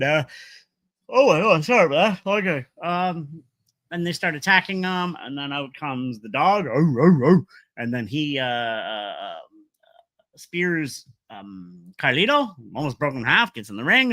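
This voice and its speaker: A middle-aged man talks through a wrestling recap in a loose, opinionated ramble full of fillers and asides. His voice is bright and swings widely in pitch. The sound is dry and close, with no room echo. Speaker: wrestling vlogger.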